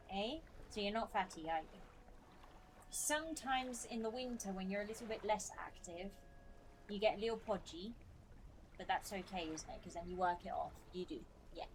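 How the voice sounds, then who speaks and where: A woman's voice: mid-range voice, a little hiss or hum, poor audio. A woman streaming a game from a room at home with a fan running. She chats casually and coos at her dog in between. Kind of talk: casual live-stream chat.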